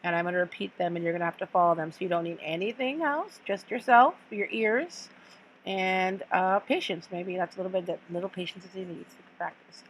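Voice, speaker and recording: A woman teacher giving a recorded lesson for children, speaking slowly and patiently and repeating words for students to follow. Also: fairly low pitch, steady tone, a little hiss or hum.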